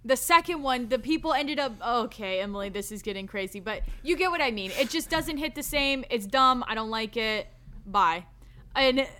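A woman co-hosting a casual movie discussion, ranting in an animated, exasperated way with lots of "like". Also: high voice, moderate pace. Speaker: podcast co-host. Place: recorded live.

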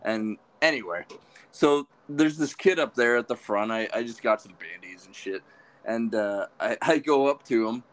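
A man in his late thirties, co-hosting a podcast, speaks at a medium pitch and a moderate pace. His casual story rambles along, self-deprecating and full of swearing.

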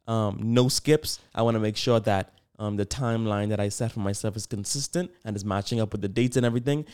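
A man's voice: fairly low pitch, fairly even intonation, a little fast, darkish tone, smooth. A young man hosting his own podcast, talking to listeners in an upbeat, chatty and rambling way. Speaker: podcast host. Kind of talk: casual solo podcast chat.

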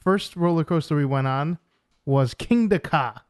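A man co-hosting a casual podcast chat, teasing his co-host with quick jokes. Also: a little high, clear, resonant tone, dry recording, studio quality.

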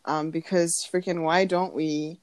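A young woman co-hosting a podcast in a casual chat, animated and giggly, with many fillers. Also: a little slow. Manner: giggly, animated, lots of fillers, acts out quotes in a high voice. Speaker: podcast co-host.

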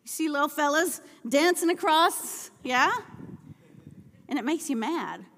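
A woman's voice: high-pitched, expressive, a little slow, slight background noise. Woman preaching in an echoing hall. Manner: storytelling, rising to impassioned shouting. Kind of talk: sermon. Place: church sanctuary.

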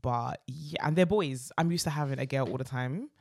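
A woman co-hosting a podcast in loose, casual chat. Her voice has a gravelly, creaky edge, and she tells stories in an animated way, full of fillers. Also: rumbling low, moderate pace, no room sound, clean studio sound. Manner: animated storyteller, lots of fillers. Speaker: podcast co-host.

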